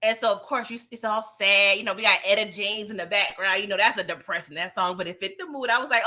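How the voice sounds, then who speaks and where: A woman recapping TV episodes in casual, slangy commentary, animated and sassy, swearing freely. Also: medium pitch, quick pace, hardly any pauses. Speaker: show reviewer.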